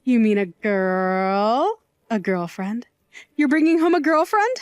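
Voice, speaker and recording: A woman playing a doting, playful middle-aged aunt who works nights at a bar, quick to mock offense and to tears. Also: fairly high pitch, animated, a little mellow, no room sound. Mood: teasing. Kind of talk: audio drama acting.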